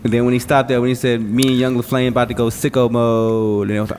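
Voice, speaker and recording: A man's voice: medium pitch, little pitch movement, fast talker, hardly any pauses, a little mellow. A young man co-hosting a casual podcast, goofy, laughing often and swearing freely. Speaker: podcast co-host. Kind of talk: casual chat. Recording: long hall reverb, faint room noise.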